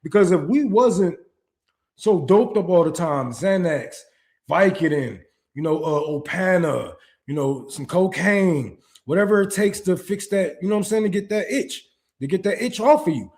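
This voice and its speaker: A high-pitched young man rants in a heated, profane monologue. He jumps from near-shouted outbursts down to low, muttered asides. He stumbles and restarts his sentences as he works himself up. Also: expressive, normal speed. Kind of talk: ranting monologue.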